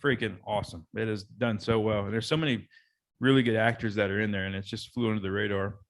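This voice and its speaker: A man's voice: on the low side, steady tone, fast talker. A man hosting a podcast, tipsy and rambling in casual chat, swearing now and then. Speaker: podcast host.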